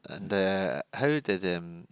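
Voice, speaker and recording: A low-voiced man hosts a podcast interview, feeling his way into each question with pauses and fillers. The recording is dry and close. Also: expressive, smooth, no room sound. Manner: hesitant, halting questions with fillers.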